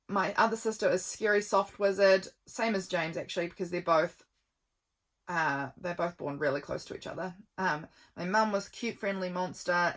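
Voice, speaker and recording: A woman's voice: medium pitch, a bit bright. Chatty, rambling woman vlogger. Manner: rambling and affectionate, with frequent ums. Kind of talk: chatty journal flip-through.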